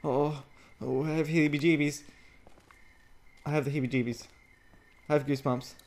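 A man's voice: a little high, fairly even intonation, normal speed, a little mellow. A man playing a zombie game on camera, talking jokily and nervously, swearing and yelping at the scares, recorded on a desktop microphone at home. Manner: jittery, jokey, swears and yelps. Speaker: gaming YouTuber. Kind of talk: frightened let's-play commentary. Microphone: desktop USB microphone.

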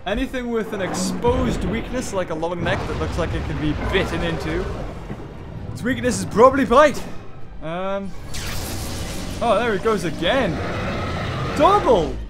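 A British man giving chatty, excitable let's-play commentary from his bedroom at home, thinking out loud and laughing often. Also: sits high, normal speed, pauses often, music in the background. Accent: British English. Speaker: gaming channel host.

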